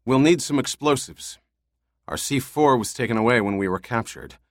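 A man's voice: mid-range voice, lively intonation, normal speed, no room sound, clean studio sound, pitched above the performer's own voice, lightly acted. A man voicing a tough ship captain in an audiobook, steely and commanding. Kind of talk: audiobook character voice.

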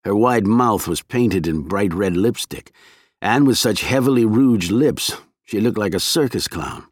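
A male audiobook narrator with a lower voice that moves a lot in pitch as he tells the story. He reads in a measured, expressive way, and the sound is dry and close to the mic. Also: breathy edge, no room sound. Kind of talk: scripted narration.

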